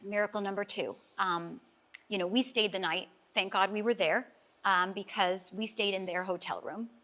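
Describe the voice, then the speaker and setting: A middle-aged woman appears as a life coach guest on a talk show, sharing an emotional personal story. Her mid-range voice holds a steady, bright, forceful tone at a moderate pace. She is earnest and heartfelt, at times close to tears.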